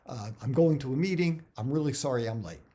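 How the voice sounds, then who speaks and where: A man's voice: medium pitch, expressive, quick pace, mellow, breathy edge. A man acting out a flustered man who arrives late, apologizing and slightly out of breath. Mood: apologetic.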